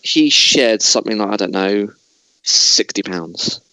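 A man's voice: fairly low pitch, unhurried, sharp tone, no echo, low-quality recording. A man hosting a casual chat, talking in a digressive way with many restarts. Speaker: podcast host.

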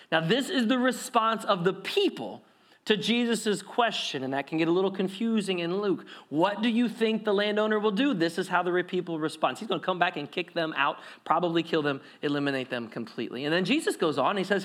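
A man preaching a sermon, retelling a parable with lively acted-out crowd voices and rhetorical questions. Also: high-pitched, a little fast. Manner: animated storytelling, acts out crowd voices. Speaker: pastor.

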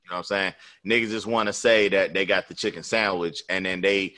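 A man co-hosting a podcast, animated and emphatic, swearing freely in casual chat. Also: low-pitched, a little fast. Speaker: podcast co-host.

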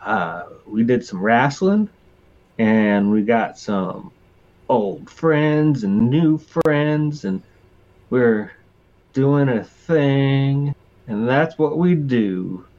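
A man's voice: medium pitch, animated, extremely slow, a little mellow, lo-fi sound. A man playing in a tabletop game podcast, casual, swearing and trailing off. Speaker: player.

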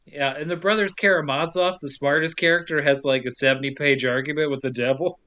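High-voiced man joking through a recap. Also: fairly even intonation, bright, forceful tone. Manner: jokey, does quick silly voices for characters, laughs often. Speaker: podcast co-host. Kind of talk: casual comedic recap chat.

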